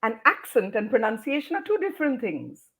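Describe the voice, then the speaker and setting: A woman's voice: a little high, huge pitch swings, brisk, a bit bright. A woman with an Indian English accent, a guest educator explaining pronunciation in an interview, emphatic and teacherly.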